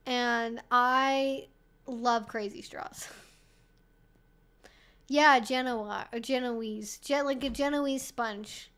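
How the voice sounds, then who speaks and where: A high-pitched woman talks casually to her live-stream viewers as she answers their questions. She is loose and chatty, swears freely and uses "like" often. She laughs easily between her remarks. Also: takes it slowly, pushed and bright.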